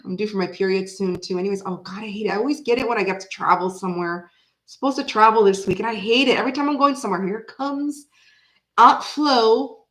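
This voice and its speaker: A woman's voice: medium pitch, quick pace, a bit bright. Chatty tired woman on a livestream. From Canada. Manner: chatty, talks to viewers by name, laughs often. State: tired, with a headache. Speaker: tarot reader on a livestream. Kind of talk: casual livestream chat.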